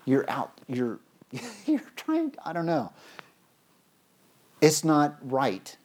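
A preacher giving a sermon, reading scripture aloud emphatically with big swings in pitch and loudness, often restarting words. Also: huge pitch swings, very slow. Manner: stumbles and restarts words mid-phrase.

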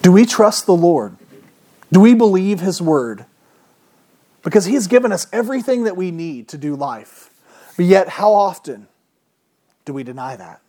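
A man's voice: high voice, big pitch swings, normal speed, pauses often, dark tone. Emphatic man preaching a sermon. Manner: conversational, emphatic, rhetorical questions.

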